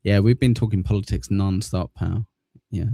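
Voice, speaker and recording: A low, creaky, dark male voice with fairly even intonation moves at a normal speed, captured dry and at studio quality. He is a livestream news host who chats and jokes as he reads viewer comments aloud, adding crude insults along the way. His mic sits on a desk in front of a green screen.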